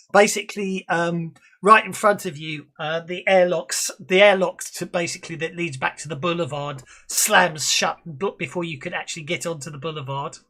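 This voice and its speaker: A man narrating as game master of a tabletop game, halting and restarting often with many fillers. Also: high-pitched, pushed and bright.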